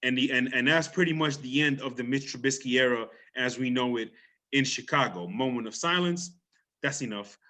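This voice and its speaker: A man with an island accent hosting a sports talk show. He talks in an animated, easygoing way and trips over restarts as he goes. His voice sits at an ordinary middle pitch. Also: normal speed. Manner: energetic, loose, playful with repeated restarts. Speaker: podcast host.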